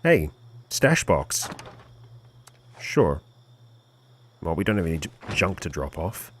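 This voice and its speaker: Animated male game streamer. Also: low-pitched, slow, slight background noise. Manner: lively, cheering on his companion. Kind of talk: live gameplay commentary.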